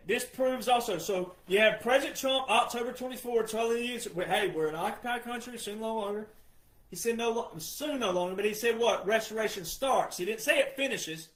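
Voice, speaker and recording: A man giving an emphatic monologue, repeating his points insistently and addressing the audience as ladies and gentlemen. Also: extremely high pitch, roomy sound, poor audio. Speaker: commentator.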